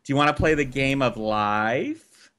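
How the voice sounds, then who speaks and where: Profane, animated man telling a story. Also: mid-range voice, measured pace, clean tone. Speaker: podcast storyteller. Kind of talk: casual chat, recounting a childhood story.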